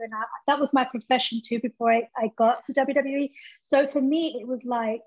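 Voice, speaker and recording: High-voiced woman guest on lo-fi audio. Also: fairly even intonation, a little fast, darkish tone. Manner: candid, chatty, many fillers. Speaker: guest, former pro wrestler. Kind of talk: casual interview chat.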